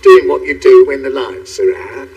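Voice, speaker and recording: A man's voice: mid-range voice, normal speed, far from the mic, noisy background, close to an everyday voice. An actor playing an old grandfather who rambles through a story. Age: older.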